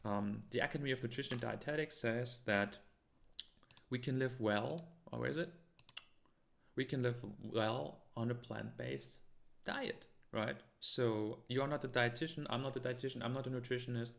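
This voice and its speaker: A man's voice: mid-range voice, moderate pace, gravelly. Heated man arguing with live chat. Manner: argumentative, heated, many fillers and restarts. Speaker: live stream host. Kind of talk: live stream, reading and answering chat comments.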